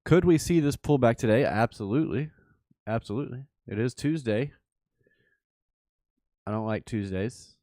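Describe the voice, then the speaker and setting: A man's voice: medium pitch, expressive, normal speed, long pauses, mellow, no room sound, studio quality. A man hosting a livestream, giving casual live chart commentary and thinking aloud with repeated phrases. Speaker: livestream host.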